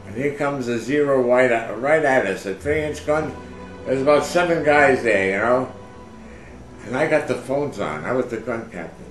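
A man's voice: medium pitch, moderate pace, echoey room, faint music behind, poor audio. Older man telling war stories. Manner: rambling, many fillers, acts out shouted orders. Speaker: interviewee, war veteran. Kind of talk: casual oral history storytelling.

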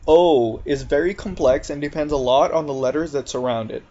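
A man teaching English pronunciation in a recorded lecture, speaking deliberately and drawing out each example word. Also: a little high, warm tone. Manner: slow, deliberate, drawn-out example words. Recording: slightly dull lo-fi recording.

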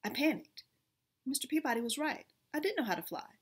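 A woman reading a children's storybook aloud, expressive and steady, with small restarts now and then. Her voice is breathy and sits a little high. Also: brisk.

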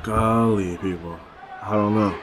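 A young man commentating a wrestling video game with loud exclamations and slangy, excitable talk, his voice going squeaky. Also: measured pace, noisy background.

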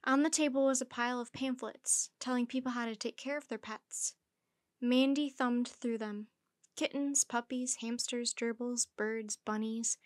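A woman storyteller reading a children's book aloud in a gentle, even narration. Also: fairly high pitch, a little slow, no room sound, studio quality.

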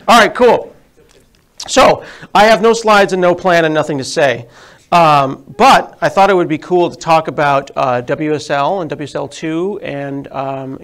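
A man's voice: on the high side, fairly bright tone. A man in his forties with a sniffly cold, giving a self-deprecating, chatty live tech talk to an audience in a meeting room. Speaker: tech presenter. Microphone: handheld mic.

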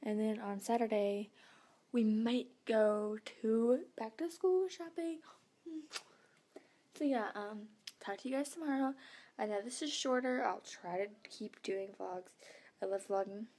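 A woman's voice: a little high, unhurried, mellow. A teenage girl vlogging at home at night. She rambles loosely, piles up fillers and drifts into half-whispers. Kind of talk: casual nighttime vlog.

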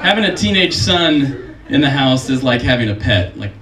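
Recorded from far off in a roomy club, a male comic in his forties works through a stand-up set with dry, self-mocking deadpan, using high put-on voices for people he quotes. He speaks at a moderate pace, the audio is very noisy, and the live audience can be heard.

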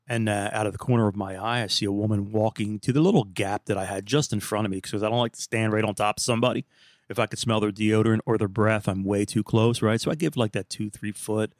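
A man's voice: on the low side, no room sound, studio quality. A man hosting a podcast, telling casual, rambling anecdotes in a laid-back, chatty way. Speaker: podcast host. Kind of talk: casual storytelling monologue.

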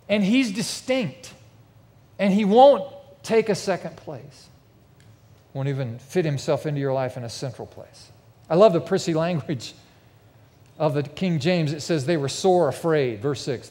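A man preaching with vivid, emphatic storytelling, his voice sitting a little high for a man. The sound carries a long reverb from a big church hall with a mezzanine. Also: a little mellow. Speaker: pastor. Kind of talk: sermon.

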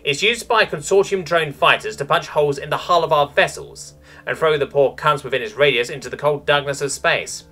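A man's voice: fairly high pitch, brisk, sharp tone, soft background music, pitched above the performer's own voice. A man voicing a brash, snooty female starship captain who lectures cadets in a mock-aristocratic bark.

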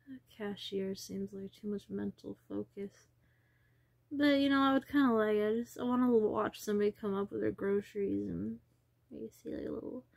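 A woman's voice: medium pitch, vocal fry, a little mellow, no room sound. A woman talking in a rambling personal vlog, wandering from thought to thought and sometimes dropping into a whisper. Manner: wandering, trails off and drops into whispers. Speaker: vlogger.

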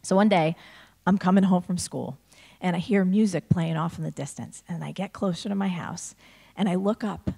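A woman's voice: fairly low pitch, moderate pace, gravelly, breathy edge. A woman from New Jersey giving a motivational talk to a school audience, telling stories and acting out the dialogue. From New Jersey, USA. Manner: animated storyteller, acts out dialogue. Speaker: speaker addressing a school audience. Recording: long reverb of a large hall.

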